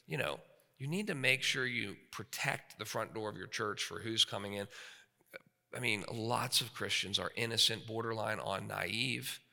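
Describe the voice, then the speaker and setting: A man in his thirties preaching a sermon, animated, swinging from loud to quiet. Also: mid-range voice, gravelly. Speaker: pastor. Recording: long hall reverb.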